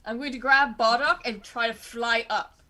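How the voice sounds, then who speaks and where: A woman taking part as a player in a tabletop game, earnest and quick to argue her point. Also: on the high side, steady tone, sharp tone.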